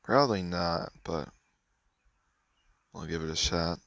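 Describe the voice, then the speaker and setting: A man's voice: deep voice, slow, fairly bright tone, no room sound, lo-fi sound. A man giving offhand, casual running commentary while playing a mobile game, muttering his thoughts as he goes.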